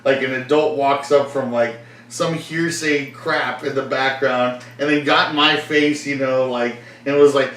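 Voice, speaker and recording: A man's voice: mid-range voice, steady tone, unhurried, a bit bright. A young man casually chatting as a podcast host, rambling, laughing often and acting out the voices of people in his stories. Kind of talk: casual chat. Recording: echoey room from far off, faint noise.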